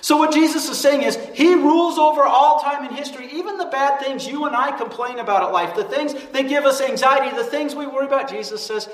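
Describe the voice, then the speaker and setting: A man, a pastor, preaching a sermon in an emphatic, animated way. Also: very high voice, brisk, hardly any pauses. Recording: echoey church hall from far off.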